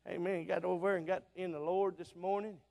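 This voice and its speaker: A man from Alabama with a Southern accent preaching a revival sermon through a sound system in a church auditorium, fervent and plain-spoken, swinging between loud bursts and soft asides. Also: sits high, level tone, normal speed, vocal fry. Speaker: visiting preacher. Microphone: church sound system mic. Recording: long auditorium reverb.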